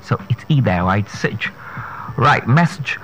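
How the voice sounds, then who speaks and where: A man coaching English pronunciation over the radio at an unhurried, drawn-out pace, spelling each word letter by letter and saying it again and again. His voice sits at an ordinary pitch, with a faint hiss of noise underneath. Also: lively intonation, fairly bright tone, lo-fi sound. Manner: spells words letter by letter, repeats them slowly. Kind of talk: slow pronunciation lesson on radio.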